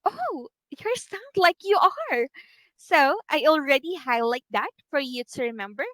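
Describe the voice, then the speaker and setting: A woman's voice: high voice, very animated, a little slow, a bit bright, no room sound. A woman with a Filipino accent teaching a one-on-one online English lesson, speaking patiently and drawing out her words with frequent okays.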